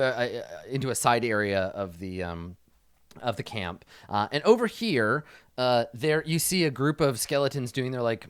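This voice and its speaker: A man running a tabletop game as dungeon master, narrating in a loose, filler-heavy way. His pitch moves about in a lively manner. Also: clear, resonant tone.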